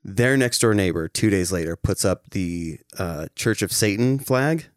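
A man's voice: on the low side, lively intonation, measured pace, no room sound, studio quality. A young man co-hosting a casual podcast chat, rambling and swearing freely, laughing at his own jokes. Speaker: podcast co-host.

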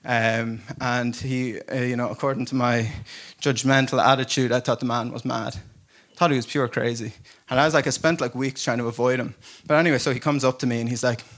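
A man's voice: medium pitch, fairly even intonation, brisk, hardly any pauses, a bit bright. Chatty, laughing male preacher. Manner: casual storytelling, self-deprecating humor, laughs often. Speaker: pastor. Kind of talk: conversational sermon. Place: church service before a congregation.

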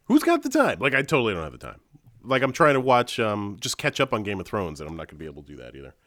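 A loud man from Long Island with a thick New York accent, chatting on a podcast. His pitch swings widely as he tells stories. The voice is bright and forceful. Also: racing, dry recording, studio quality. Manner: loud, animated storyteller. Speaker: podcast guest. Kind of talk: casual chat.

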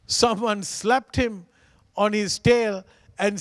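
A man's voice: high-pitched, slow, fairly bright tone, big-room sound. A man preaching a sermon as pastor, earnest and pleading, repeating phrases for emphasis.

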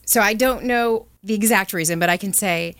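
A woman's voice: medium pitch, moderate pace, a bit bright, no echo. A woman speaking as a college representative in an interview, enthusiastic and upbeat. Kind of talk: promotional interview.

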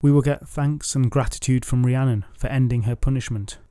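Man playing a sensible legend wife, measured and reasoning, mellow tone, dry close sound. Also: medium pitch, fairly even intonation, clear, resonant tone, no echo, close to an everyday voice. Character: practical noble wife, thoughtful woman.

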